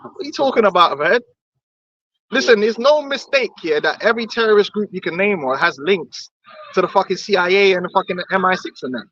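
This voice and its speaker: A man's voice: sits high, lively intonation, brisk, pushed and bright, dry recording. A man in heated religious discussion, blunt and swearing, mimicking other voices. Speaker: podcast co-host. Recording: dull lo-fi dry recording.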